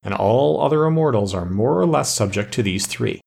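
Man reading a fairy tale aloud, steady storytelling, gravelly tone. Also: medium pitch, normal speed. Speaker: narrator.

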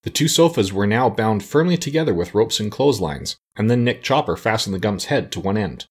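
A man narrating a storybook aloud, expressive and changing his voice for each character. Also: fairly low pitch, brisk, breathy edge. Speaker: audiobook narrator. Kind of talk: storybook reading.

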